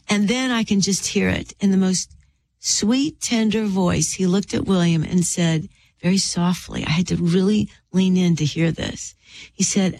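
A woman's voice: fairly low pitch, unhurried, a little mellow. A woman in her fifties, an author interviewed as a guest, telling a personal faith testimony in an earnest, storytelling way. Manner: earnest storyteller who acts out quoted voices.

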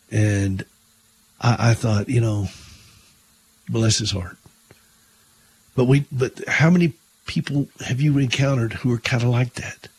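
A man's voice: medium pitch, slightly rough. A man hosting a Christian talk radio show, telling stories and preaching in an earnest way, often restarting his words.

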